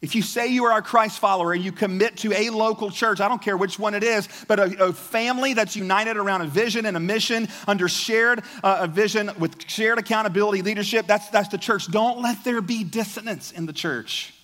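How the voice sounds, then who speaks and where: A man preaching a sermon as a pastor, in a conversational, animated way that often repeats words. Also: sits high, a little fast, few pauses, long reverb tail.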